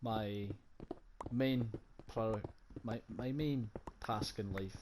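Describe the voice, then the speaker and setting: Young man, Scottish accent, low voice, rambling, swearing, casual gaming chat, heavy background noise. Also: drawn-out words. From Scotland. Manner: rambling, profane, jokey. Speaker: gaming vlogger. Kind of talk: casual chat while playing a game.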